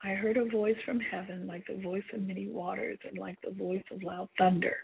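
A woman's voice: medium pitch, flat delivery, brisk, vocal fry, breathy edge. A woman earnestly reading aloud from her own memoir, telling it with emotion. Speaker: author reading her book. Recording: tinny phone-like sound.

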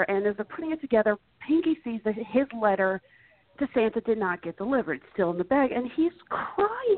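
A woman guesting on a podcast in casual chat, retelling a story in an animated way. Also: on the high side, fairly quick, no echo. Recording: dry, tinny phone-like line.

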